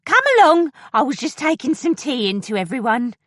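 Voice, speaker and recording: A woman voicing a bustling, fussy housekeeper who exclaims and frets, with a lively, fairly high voice. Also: brisk, no echo, studio quality. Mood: fussing. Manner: fussing, bustling.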